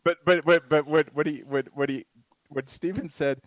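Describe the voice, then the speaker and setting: A man's voice: fairly high pitch, fairly even intonation, normal speed, dry recording. A man, co-hosting a podcast, telling stories in a rambling way and laughing often. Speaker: podcast co-host. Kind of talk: casual storytelling chat.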